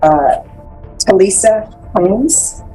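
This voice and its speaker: A woman's voice: mid-range voice, lively intonation, extremely slow, warm tone, faint music behind, low-quality recording. A woman defense attorney speaking in court, a little hesitant, with fillers and restarts. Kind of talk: courtroom proceedings.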